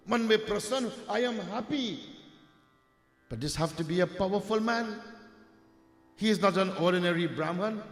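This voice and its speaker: A man's voice: high voice, a bit bright, voice pushed up. A Trinidadian man voicing a proud, amazed king of legend, speaking in an emphatic, commanding way. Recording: echoey hall with long reverb.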